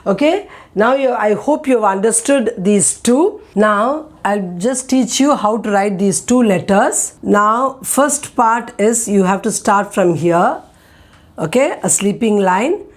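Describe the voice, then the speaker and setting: A woman gives an unhurried lesson at a very slow, deliberate pace. She repeats each example word patiently and checks in often with the listener. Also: medium pitch, expressive. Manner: patient, repeats words slowly with frequent "okay?" checks. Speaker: Hindi teacher.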